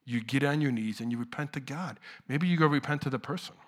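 A middle-aged man preaching a sermon to his church in a conversational way, dropping to hushed lows and rising to loud outbursts. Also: fast talker. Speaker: pastor.

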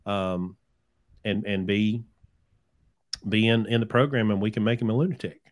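A man's voice: lowish voice, fairly even intonation, moderate pace. A man hosting a podcast, telling stories in a casual chat and acting out the people he quotes. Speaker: podcast host, trucking business owner.

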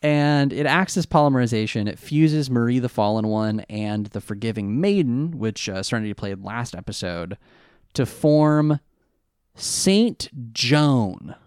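A man co-hosting a podcast in casual chat, recapping an episode in a rambling, hesitant way and jumping up in pitch on excited questions. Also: measured pace, clean tone, dry recording, clean studio sound. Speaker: podcast co-host recapping an anime.

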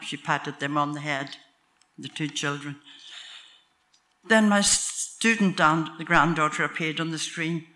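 An older woman with a Northern Irish accent tells a story from her own life. Her voice is very bright and sharp, and she makes wry, self-mocking asides in a homely way. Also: sits low, steady tone, measured pace. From Northern Ireland. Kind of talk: live storytelling from memory.

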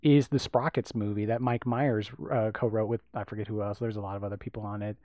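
A man's voice: fairly low pitch, flat delivery, fast talker, warm tone, dry recording, studio quality. A man co-hosting a podcast, chatting casually about a film, rambling with lots of fillers and restarts. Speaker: podcast co-host.

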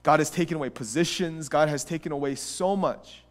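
Fairly high-pitched and fairly quick, this male pastor's sermon alternates between quiet, thoughtful passages and impassioned ones delivered close to a shout. Phrases are often repeated or begun again.

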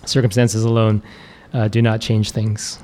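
A man's voice: on the low side, little pitch movement, a little slow, darkish tone, slight background noise. A man preacher giving a casual, conversational sermon, chuckling often and using many fillers.

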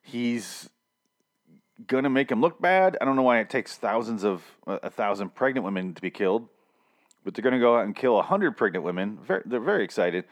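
A man's voice: medium pitch, animated. A man casually recapping a TV episode, rambling and swearing freely as he acts out the characters' lines. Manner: profane, rambling, quick to act out characters' lines.

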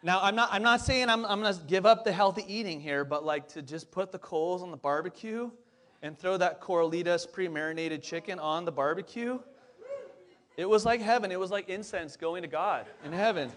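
This lead pastor in his forties has a high, fairly bright voice and a moderate pace. He preaches a casual sermon, chatty and upbeat, addressing the congregation directly with lots of fillers and asides.

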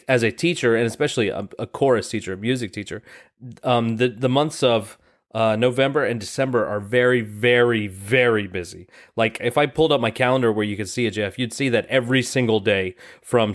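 A man, a music teacher, in casual podcast chat. He jokes at his own expense and fills his talk with hesitant ums and restarts. He is recorded over a remote call. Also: lowish voice. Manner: joking, self-deprecating, hesitant. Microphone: remote call mic.

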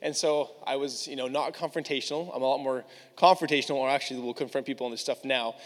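Male preacher, casual storytelling sermon, average pitch, recorded in a big church hall with long reverb. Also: steady tone, fast. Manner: candid and casual, with a lot of "like".

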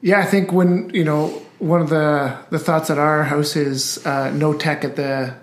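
Dad guest on a parenting talk, kinda high voice, echoey room, thoughtful. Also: male voice, steady tone, measured pace. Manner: thoughtful, tag questions. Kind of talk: casual parenting discussion. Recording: roomy echo.

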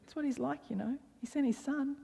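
A woman preaching a sermon with a fairly high voice. She speaks emphatically, repeating phrases for stress and at times dropping almost to a whisper. Her voice carries a long hall reverb. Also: fairly quick, creaky, warm tone.

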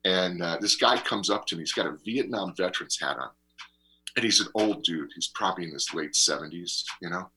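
A man co-hosting a radio talk show, telling a rambling travel story in an animated way and laughing often. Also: deep voice, a little fast, breathy edge. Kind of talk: casual chat and travel storytelling.

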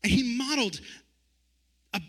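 A man in his thirties giving a personal testimony as a preacher, telling his story in an animated way and acting out the dialogue. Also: very high voice, normal speed. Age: 30s.

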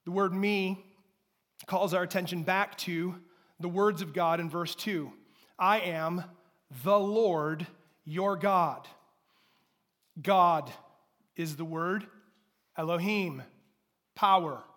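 A high-pitched man delivers a sermon to a congregation. He swings between forceful proclamations and soft, quiet asides, and often asks the room to repeat a phrase after him. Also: takes it slowly, long pauses. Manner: emphatic preaching, rising to loud declarations and dropping to soft asides. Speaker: pastor. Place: church sanctuary before a congregation.

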